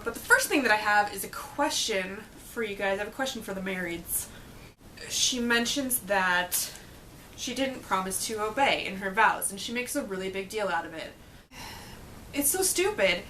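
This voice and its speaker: A woman's voice: medium pitch, big pitch swings, normal speed, sharp tone, slight background noise, low-quality recording. Sarcastic young woman vlogging. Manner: sarcastic, blunt, swears. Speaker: book reviewer vlogger. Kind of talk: casual chat to camera.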